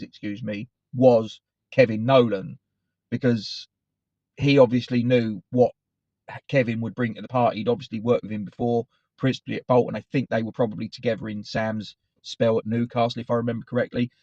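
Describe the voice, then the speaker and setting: Middle-aged bloke rambling about footy, keeps correcting himself, dry slightly muffled sound. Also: male voice, medium pitch, fairly even intonation, brisk, a little mellow, no room sound. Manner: chatty, digressive, self-correcting. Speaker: football fan channel host. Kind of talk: casual rambling commentary to camera. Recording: dry, slightly dull recording.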